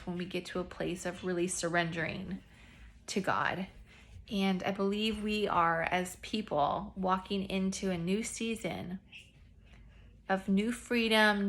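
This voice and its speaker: A woman's voice: mid-range voice, a bit bright. A woman speaking to her business team in a casual, earnest faith-based encouragement talk, often repeating herself and addressing them as "you guys".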